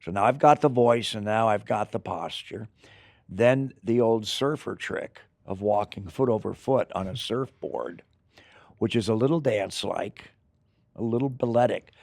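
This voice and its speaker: An older man, an actor, telling rambling, animated stories in an interview, with acted asides. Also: lowish voice, a little slow, vocal fry, no room sound, studio quality. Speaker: actor guest. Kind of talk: anecdotal interview storytelling.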